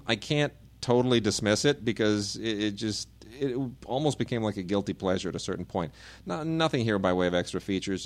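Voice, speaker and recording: Low-voiced guy rambling on about a dumb movie, casual podcast chat. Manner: rambling, loose and jokey. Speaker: podcast co-host.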